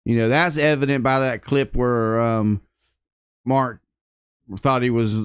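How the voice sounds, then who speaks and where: A laid-back co-host chiming in on a casual chat, mostly agreeing. The voice is smooth and resonant, recorded dry and close with no room sound. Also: mid-range voice, steady tone, slow, no echo.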